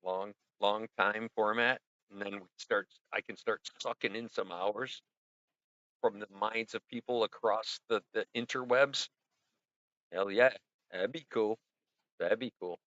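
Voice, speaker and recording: A man's voice: on the low side, a little slow, sharp tone, no echo. A man hosting a casual livestream, rambling and joking as he talks to his viewers. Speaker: livestream host. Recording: dry, dull lo-fi sound.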